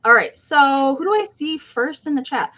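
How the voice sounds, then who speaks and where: A woman with a fairly high voice hosts a live online sale in casual, chatty talk. She greets viewers one by one. The audio is dull and lo-fi, like a muffled livestream. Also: expressive, normal speed, sharp tone.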